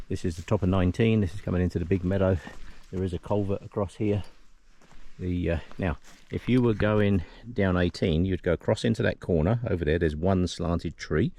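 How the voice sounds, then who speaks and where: Walking a mountain trail, a volunteer vlogger films himself on a handheld camera, chatting casually and giving directions. His voice is deep and warm.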